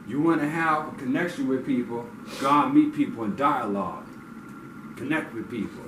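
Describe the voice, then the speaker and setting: A man giving a blunt, profane community talk that swings into loud, angry outbursts. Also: medium pitch, normal speed. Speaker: community speaker. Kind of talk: impassioned street talk. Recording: echoey, distant mic with noise.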